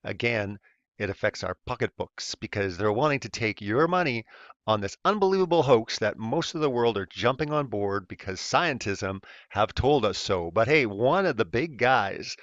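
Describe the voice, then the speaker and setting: A man's voice: lowish voice, animated, moderate pace, a bit bright, dry recording. A man hosting a casual commentary video, speaking in a sarcastic, mocking way. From Canada. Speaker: host. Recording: dull lo-fi recording.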